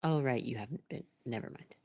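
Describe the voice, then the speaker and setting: A woman tabletop game player chatting in a dry, low-key way. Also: a little fast, a little mellow, slight background noise. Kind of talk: casual tabletop game chat.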